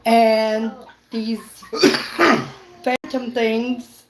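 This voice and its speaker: Slow-talking woman in an echoey room. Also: on the high side, flat delivery. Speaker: player recalling her character. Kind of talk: casual podcast recap. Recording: echoey room with clear background noise.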